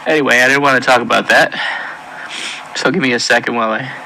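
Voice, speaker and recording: A man giving an emotional personal testimony in an earnest, halting way, with many pauses and restarts. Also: mid-range voice, steady tone, gravelly, pushed and bright, slight background noise, poor audio. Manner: intense, pleading delivery. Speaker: testimony speaker.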